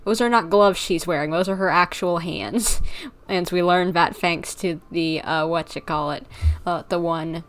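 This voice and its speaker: A woman's voice: lowish voice, fairly even intonation, normal speed. A young woman streaming a video game, gushing and giggling over the characters. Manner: giggly, gushing fan chatter. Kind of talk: live game commentary.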